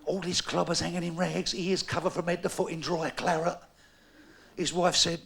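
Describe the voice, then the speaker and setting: A middle-aged man telling stand-up jokes on a live stage, rowdy and shouting out sound-effect punchlines. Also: a little high, little pitch movement, normal speed, vocal fry, husky. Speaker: stand-up comedian. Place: live stage before an audience.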